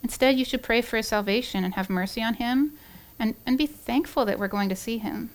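A woman playing a calm, principled grown daughter. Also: a little high, fairly quick, natural voice. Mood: steady. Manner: steady, earnest, quiet.

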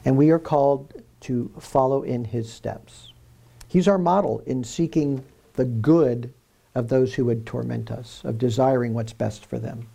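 A man's voice: medium pitch, gravelly, mellow. A man preaching a sermon in an earnest way, repeating key phrases for emphasis.

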